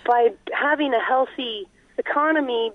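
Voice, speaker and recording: Woman on a phone call, kinda high voice, tinny line, earnest and rambly. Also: moderate pace, no echo. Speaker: guest on a call-in interview. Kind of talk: conversational explanation.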